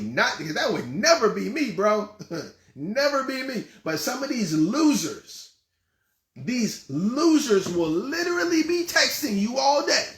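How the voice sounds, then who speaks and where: Man, show host, blunt scolding advice, mocking, high voice, echoey room. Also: fairly bright tone. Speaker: host and life coach. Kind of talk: relationship advice monologue.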